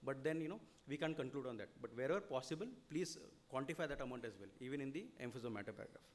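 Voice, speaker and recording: An animated man with a mid-range voice and an Indian English accent delivers a seminar lecture on audit reporting, with a little hiss or hum in the audio. He explains rapidly and at length, repeatedly using "you know" and asking "okay?".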